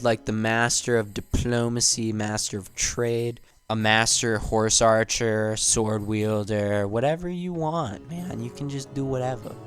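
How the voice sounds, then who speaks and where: A man giving casual game commentary, rambling and joking with plenty of swearing. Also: mid-range voice. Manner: rambling, jokey and profane. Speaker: game video essayist.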